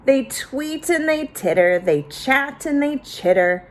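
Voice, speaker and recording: Woman teacher, children's read-aloud; slow, animated, invites joining in. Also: high voice. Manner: expressive, invites children to join in. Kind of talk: reading a picture book aloud to children.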